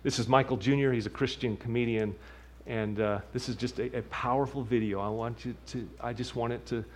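A man preaching a sermon as pastor, earnest, rising with emphasis and dropping to a soft hush. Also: medium pitch, fairly even intonation, brisk, a little hiss or hum. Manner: earnest, builds up then drops to a soft hush.

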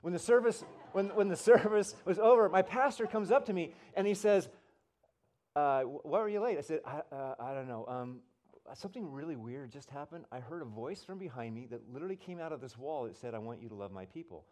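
Standing before his congregation, a pastor delivers a sermon full of lively stories, voicing each character himself. He speaks on the high side and a bit quickly.

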